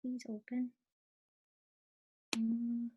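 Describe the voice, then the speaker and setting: A woman's voice: fairly high pitch, completely flat delivery, extremely slow, lo-fi sound, noisy background. A woman teacher presenting a live webinar in a casual, bubbly way, thanking viewers and muttering to herself while she fixes tech trouble on a computer mic.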